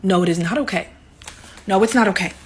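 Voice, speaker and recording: A woman with a husky voice gives college advice straight to camera. She sounds earnest and keeps urging the viewer to act. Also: medium pitch, brisk.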